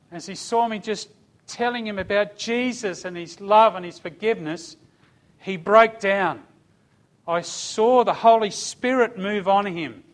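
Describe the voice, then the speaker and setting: A middle-aged man preaches to a congregation, sharing a personal testimony. His voice sits a little high for a man, and he drives his story with emphatic, fervent delivery. He punctuates it with calls of amen and hallelujah. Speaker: church speaker giving testimony. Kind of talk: sermon testimony.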